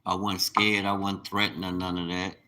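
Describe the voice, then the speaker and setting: A man's voice: sits low, flat delivery, moderate pace, sharp tone, poor audio. A man talking casually in street slang about fixing car wiring, then preaching fervently about scripture. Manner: uses double negatives and informal grammar. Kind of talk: casual monologue turning to preaching.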